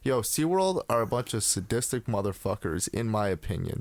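A man's voice: on the low side, big pitch swings, moderate pace. A young man co-hosting a podcast, chatting casually and rambling with restarts and swearing. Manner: rambling, swears freely, many restarts and fillers. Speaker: podcast co-host.

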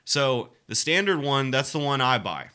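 A man's voice: mid-range voice, animated, normal speed, bright, forceful tone. A man co-hosting a casual gaming podcast, joking and swearing, sometimes reading news aloud. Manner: swearing, laughing, jokey. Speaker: podcast co-host.

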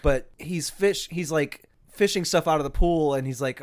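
Man, podcast co-host, relaxed and dry, casual talk. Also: a little high, normal speed. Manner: relaxed, dry, wry remarks. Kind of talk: casual chat.

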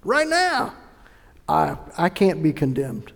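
A male pastor with a high, gravelly voice delivers an emphatic sermon. He swings between forceful bursts and hushed asides. A long hall reverb trails each phrase. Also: huge pitch swings, slow pace. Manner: emphatic preaching with sudden shifts between loud and hushed delivery.

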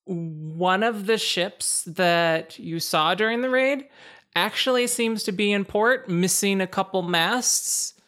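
A woman's voice: medium pitch, takes it slowly, fairly bright tone, soft background music. A woman narrating as game master of a tabletop game, easygoing with frequent ums.

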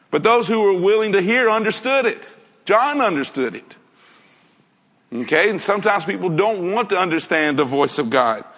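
Preaching earnestly to his flock, this man speaks in a high, fairly bright voice and keeps throwing rhetorical questions at his listeners. Long reverb surrounds him, like the echo of a big church hall.

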